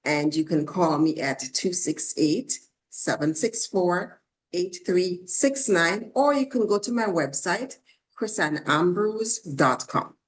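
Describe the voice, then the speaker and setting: A confident woman with an Antiguan accent, speaking as a coach giving advice in an interview. Her voice is a little low, and her pace is measured and encouraging. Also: animated, rough recording. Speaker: guest, life coach and speaker. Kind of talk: interview answers.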